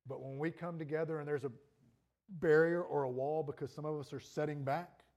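A man's voice: a little high, fairly even intonation, fairly quick, a little mellow. Earnest male pastor preaching. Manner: earnest preaching, rising and falling intensity. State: throat trouble. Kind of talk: sermon.

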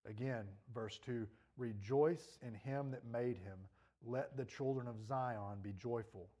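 A man's voice: mid-range voice, measured pace, warm tone. A male pastor preaching a sermon earnestly, his voice rising and falling in intensity, with a troubled throat.

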